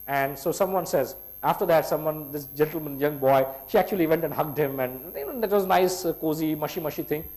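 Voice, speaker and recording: A man's voice: fairly high pitch, brisk, hardly any pauses, rough recording. Man telling a story with an Indian accent. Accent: Indian English. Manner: animated retelling, voicing others' quotes. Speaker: workshop trainer. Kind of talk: storytelling to an audience.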